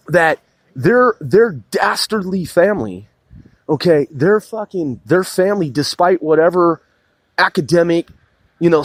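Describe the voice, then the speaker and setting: A man's voice: sits high, no echo. A man on a heated political rant, swearing constantly, repeating and restarting his sentences.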